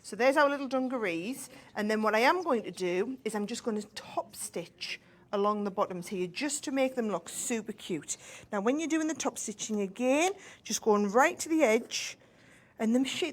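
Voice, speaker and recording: A fairly high, animated voice at a moderate pace belongs to this northern English crafting guest expert. She gives a chatty sewing demonstration, explaining each step and asking "right?" along the way.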